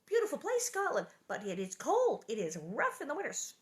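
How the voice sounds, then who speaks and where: A woman's voice: high-pitched, huge pitch swings, fairly quick. A woman hosting a book reading, chatting casually and rambling between chapters, with frequent jokes and laughter. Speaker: host reading a children's book aloud.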